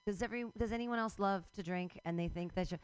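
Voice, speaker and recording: A middle-aged woman doing a rambling stand-up comedy set at a live show, breaking into loud outbursts and laughing at her own jokes. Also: mid-range voice, quick pace, clear, resonant tone, dry recording.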